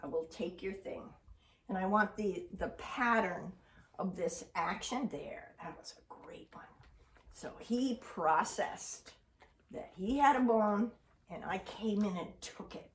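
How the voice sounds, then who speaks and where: Slow-speaking woman dog trainer, echoey room. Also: mid-range voice. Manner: patient, explanatory, affectionate with the dog. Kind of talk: training demonstration with commentary. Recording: roomy sound from a distant mic.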